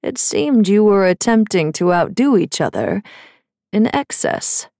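A man's voice: high-pitched, big pitch swings, measured pace, darkish tone, no room sound, clean studio sound, full character voice. A woman reading the part of a brooding young male fae prince, cold, haughty and clipped. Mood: mocking.

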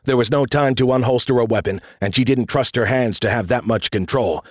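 Male audiobook narrator, measured storytelling delivery, mid pitch, dry booth sound. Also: no room sound. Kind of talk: scripted narration.

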